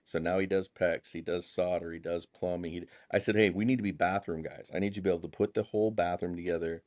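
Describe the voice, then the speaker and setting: A man, a contractor and pastor, telling stories casually as a podcast guest, acting out the dialogue in animated bursts with folksy phrasing. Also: low-pitched, fast, no room sound, studio quality. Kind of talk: casual storytelling interview.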